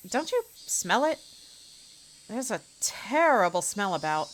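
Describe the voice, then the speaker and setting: A woman's voice: medium pitch, big pitch swings, slow pace, slight background noise. A woman voicing a chatty, complaining village housewife in a visual novel read-aloud, a little raised and pushy. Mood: annoyed.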